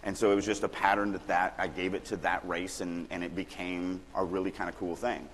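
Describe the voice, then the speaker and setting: A middle-aged man from Louisiana teaches a room of writers in a loose, lively way, dropping into quick acted-out lines to make a point. His voice sits fairly low and carries the long ring of a large hall, with faint room noise underneath. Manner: casual, animated, acts out quoted lines. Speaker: writing workshop speaker. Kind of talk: conference talk on craft. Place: conference hall.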